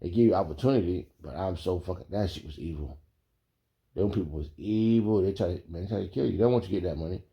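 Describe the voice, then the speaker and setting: A man telling a casual story, animated and profane, laughing often. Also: low-pitched, fast, gravelly, dull audio.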